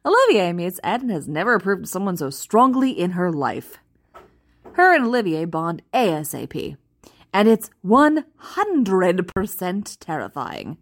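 Lively woman reading a fan post aloud. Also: fairly low pitch, measured pace. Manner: animated, amused, expressive. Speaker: reader.

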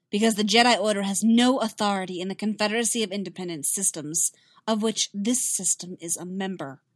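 A woman's voice: mid-range voice, no echo, clean studio sound, close to an everyday voice. A woman reading as a cold, defiant queen. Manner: cold, forceful.

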